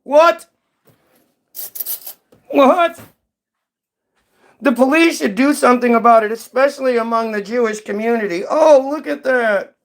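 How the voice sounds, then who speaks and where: A man's voice: very high voice, brisk, gravelly. A man hosting his own channel in a heated, profane commentary rant, firing off rhetorical questions. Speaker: commentary host. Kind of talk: ranting commentary.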